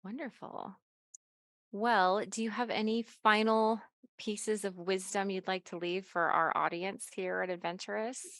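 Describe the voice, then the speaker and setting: A woman's voice: mid-range voice, steady tone, a little slow, fairly bright tone. A woman hosting a podcast interview, upbeat and affirming, often chiming in with short agreement. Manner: upbeat, affirming, with frequent backchannel. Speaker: podcast host. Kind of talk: interview chat.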